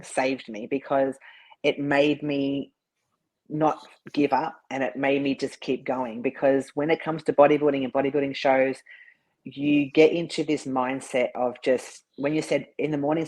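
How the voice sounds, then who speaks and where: An earnest man speaks as an interview guest and tells his own story as a bodybuilder. He talks at a middling pitch and sometimes repeats a word before going on. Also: steady tone, moderate pace, darkish tone, rough recording. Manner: earnest, repeats words when stressed.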